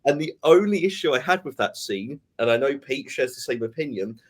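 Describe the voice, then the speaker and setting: Animated man with lively pitch. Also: a little fast. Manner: animated, laughs often, acts out lines. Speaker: book discussion guest. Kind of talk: casual video call discussion.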